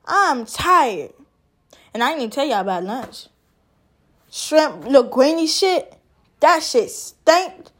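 A young woman in army training, venting about her day to the camera in a casual, profane, exasperated rant, addressing her audience as "podcast". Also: fairly high pitch.

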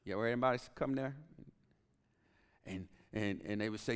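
A man's voice: on the low side, fairly quick, clean tone. A man preaching a sermon as pastor, telling a personal story and dropping to whispered asides. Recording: long hall reverb.

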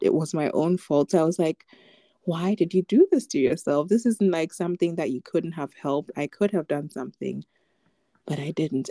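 A young woman co-hosts a podcast, casually chatting and telling a personal story full of filler words and light laughter. Her voice is low-pitched and dark in tone, captured in a dry recording.

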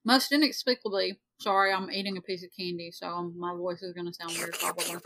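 A woman in her forties co-hosts a podcast, reading a ghost story aloud and adding joking asides. Her voice is mid-range with a sharp tone.

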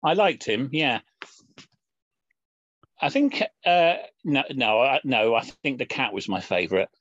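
A man hosting a podcast, breaking into helpless giggles as he reads out listener names. His pitch leaps all over the place, and the sound is dry and a little dull. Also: animated, measured pace, fairly bright tone, dry recording. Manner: giggly, laughing to tears. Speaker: podcast host. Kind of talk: casual podcast chat.

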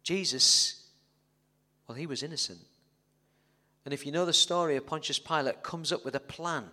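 A man's voice: a little high, moderate pace, bright, forceful tone. A man preaching a sermon as pastor, telling the story dramatically and joking with the congregation. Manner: dramatic storytelling, jokey asides to the audience. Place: church hall. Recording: echoey church hall reverb.

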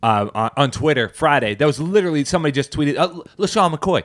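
Young male podcast host, casual and playful, very expressive delivery with a slightly high voice. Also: fast, no echo, clean studio sound. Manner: playful, animated, laughs often. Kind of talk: casual chat.

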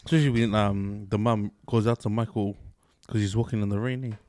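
A man co-hosting a podcast, telling stories in a relaxed casual chat and acting out other people's lines. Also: on the low side, fairly quick. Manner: laid-back storytelling, mimics others in quotes. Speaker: podcast co-host.

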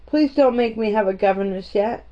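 A woman's voice: medium pitch, moderate pace, natural voice. A woman voicing a timid, earnest little orphan girl with an anxious, tremulous, pleading way of speaking. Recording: dull, muffled audio.

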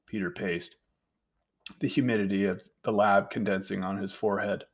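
A man narrating an audiobook in a plain, steady reading voice. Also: sits low, a little fast.

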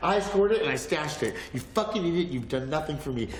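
A man's voice: a little high, lively intonation, brisk, reverberant, a little hiss or hum, close to an everyday voice, rough recording. An actor playing a crude, abusive male celebrity who insults his entourage in a film scene.

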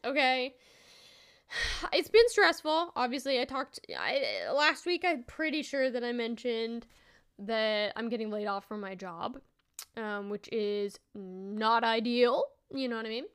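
A woman's voice: a little high, fairly bright tone, smooth. A woman hosting a solo podcast, chatting casually and rambling, laughing often and restarting her thoughts. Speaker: podcast host.

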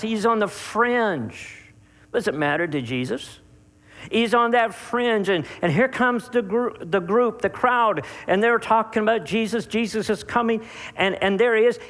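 A high-pitched male preacher delivers an emphatic sermon, slowing down on words he wants to stress. He speaks straight to his listeners with big rises and falls. The sound carries a long reverb, as if recorded in a large hall. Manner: emphatic, with slowed, drawn-out key words and sharp rises and drops; addresses listeners directly.

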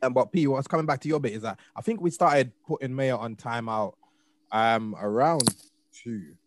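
A young father chatting casually on a podcast, animated and often trailing off quietly. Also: mid-range voice, moderate pace, no echo. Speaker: podcast co-host. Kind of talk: casual chat.

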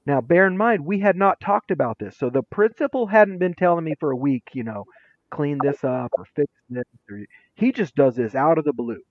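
A man speaking as an interview guest, telling stories with lively acted-out quotes. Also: on the high side, moderate pace, no room sound, narrow, tinny audio. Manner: lively, acts out quotes with shifting voices. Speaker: interview guest, former teacher and administrator. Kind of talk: animated storytelling.

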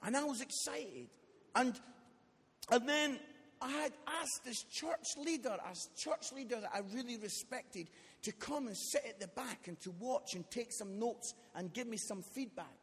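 A man's voice: very high-pitched, a little slow, breathy edge. A man preaching as a guest speaker, telling funny stories and asking the congregation questions in a live church service. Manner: lively, comic, asks the audience questions. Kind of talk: comic storytelling sermon. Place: church hall, live audience. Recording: long church hall reverb.

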